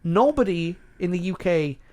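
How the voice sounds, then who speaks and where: A man's voice: sits high, normal speed. A British man co-hosting a podcast, chatting casually and arguing his picks with many restarts. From United Kingdom. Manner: opinionated, animated, with many restarts. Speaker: podcast co-host. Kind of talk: casual chat ranking songs.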